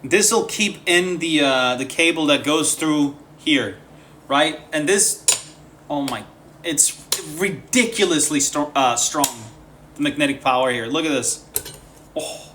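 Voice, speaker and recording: A young man casually chatting on a live stream from his home setup, gushing and excitable and swearing freely. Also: on the high side, measured pace, a little hiss or hum.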